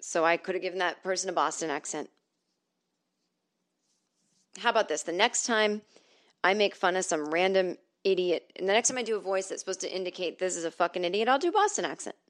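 A woman's voice: lowish voice, fast talker. A middle-aged woman from the northern United States hosting a podcast from home, telling stories in a sarcastic, profane comedic monologue. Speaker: podcast host.

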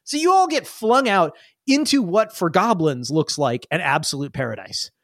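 Man game master, high voice, dry close sound, rambling narration. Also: very animated, moderate pace, no echo. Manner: rambling, full of fillers and restarts.

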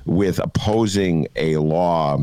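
A man's voice: sits low, slow, dark tone, smooth. A man hosting a casual political talk show, musing aloud with lots of fillers and bursts of animation. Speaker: host.

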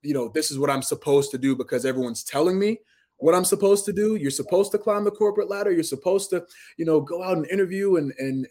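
This man, a pro wrestler in his thirties from Massachusetts, USA, speaks with a fairly high pitch and darkish tone. As a guest in a casual interview, he tells stories earnestly and restarts often.

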